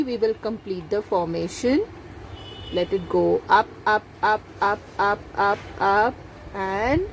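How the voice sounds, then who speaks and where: Patient nursery teacher. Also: female voice, a little high, a little hiss or hum. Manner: slow, patient, step-by-step instructions. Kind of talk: recorded lesson for young children.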